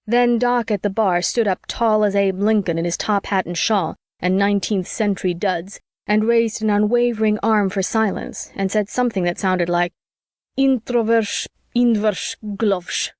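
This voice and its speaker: A woman's voice: medium pitch, steady tone, moderate pace, few pauses, a little mellow, no room sound. Woman narrating an audiobook, dry sound.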